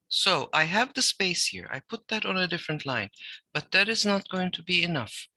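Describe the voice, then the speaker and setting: Bright-voiced man explaining typography. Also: sits high, expressive, dry recording, rough recording. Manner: explanatory, reads text aloud with deliberate pauses and emphasis. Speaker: typography teacher. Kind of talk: recorded design lecture.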